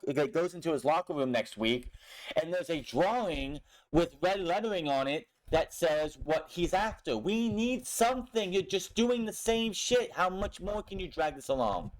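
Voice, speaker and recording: Young guy going over last night's wrestling, blunt and cussing a lot, voice sits a bit high. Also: expressive, moderate pace. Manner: blunt, frustrated, swears a lot. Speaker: wrestling show reviewer. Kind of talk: casual recap with profanity.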